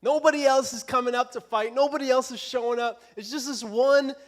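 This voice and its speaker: A man's voice: very high voice, steady tone, a little fast. A young man preaching a casual youth sermon in a church, joking and self-deprecating.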